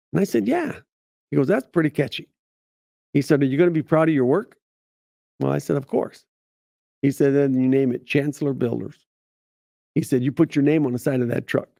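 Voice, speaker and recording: Gravelly, dark-voiced storytelling man. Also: on the high side, dry recording, clean studio sound. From United States. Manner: halting, many restarts and repeated words; acts out quoted voices in his stories. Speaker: veterans advocate. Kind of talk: personal storytelling.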